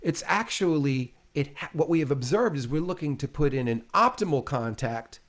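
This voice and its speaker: A man's voice: fairly high pitch, lively intonation, moderate pace, a bit bright. Emphatic man explaining with energy. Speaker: interview guest, chiropractor. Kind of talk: casual conversation.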